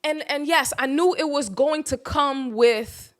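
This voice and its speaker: Sex: woman. Role: podcast guest. Style: earnest, animated storytelling in conversation. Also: high-pitched, unhurried.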